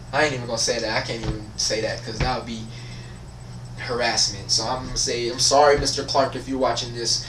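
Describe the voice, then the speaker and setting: Profane, animated teenage guy ranting. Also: medium pitch, a little hiss or hum. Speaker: vlogger. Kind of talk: casual storytelling rant. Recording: echoey room, voice from far off.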